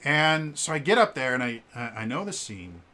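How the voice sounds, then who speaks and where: A man recounts a story for his vlog in a casual, animated way. His voice is bright and forward, sitting at an ordinary pitch. He stammers and restarts often and jumps up in pitch to act out what others said. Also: moderate pace. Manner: animated, acts out quoted lines with shifts in pitch; frequent fillers and stammered restarts. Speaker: vlogger.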